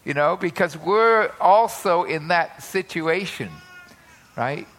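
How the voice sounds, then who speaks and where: A man preaching a sermon in a bright, clear voice that sits high for a man. His delivery is conversational, full of asides and quick tag questions to the listeners.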